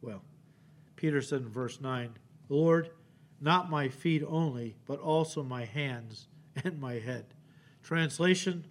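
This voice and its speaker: A male pastor preaching an expository sermon in a church, animated and acting out the quotes he reads, often checking in with "okay?". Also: medium pitch, slow pace. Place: church sanctuary.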